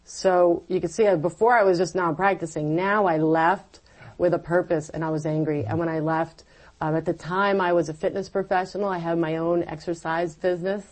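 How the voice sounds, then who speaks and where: As an interview guest, a woman shares her personal faith testimony, telling her story with animation and acting out things she once said. Her voice is lowish and fairly quick, and the audio quality is poor.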